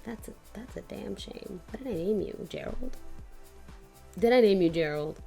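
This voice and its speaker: Gravelly young woman chatting candidly. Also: lively intonation, fairly quick, warm tone, faint music behind. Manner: candid, loose, swears, quotes others in high mocking voices. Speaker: vlogger. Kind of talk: casual chat to camera.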